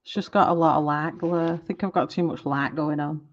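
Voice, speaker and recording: A woman's voice: sits low, steady tone, brisk, dull audio. A woman hosting a colouring live stream, chatting casually and giggling as she trips over product names.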